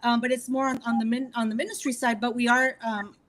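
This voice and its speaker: Texas woman, guest on a radio show, chatty, laughs a lot, voice on the high side. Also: little pitch movement, quick pace, a bit bright. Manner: chatty storyteller, laughs often. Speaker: guest musician. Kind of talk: casual radio interview chat.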